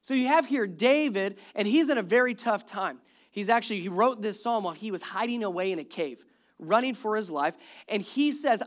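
A preacher in full sermon mode, moving between quiet, earnest reflection and animated retelling of scripture stories. The voice sits at an ordinary middle pitch and keeps a conversational, joking touch with the congregation. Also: moderate pace. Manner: animated storytelling, acts out quoted complaints; jokes with the congregation. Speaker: pastor.

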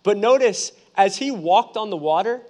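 A young man in his twenties, a pastor giving a lively, humorous sermon full of personal storytelling. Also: high-pitched, moderate pace. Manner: animated, humorous, conversational preaching.

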